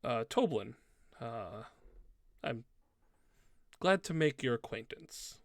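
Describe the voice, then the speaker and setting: A man's voice: mid-range voice, animated, slow pace, creaky. A man voicing a friendly, slightly awkward middle-aged male innkeeper in a tabletop game. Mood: awkwardly polite. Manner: warm, welcoming, a bit awkward.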